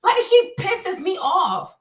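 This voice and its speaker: A female streamer host rants casually on her livestream, full of profanity and exasperation. Her very high, sing-song voice goes slowly, captured by a distant mic in a room with echo.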